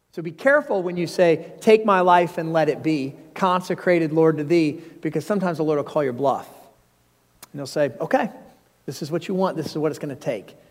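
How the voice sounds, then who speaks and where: A pastor, preaching a sermon with earnest, personal storytelling and emphatic rises. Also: male voice, a little high. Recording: long hall reverb.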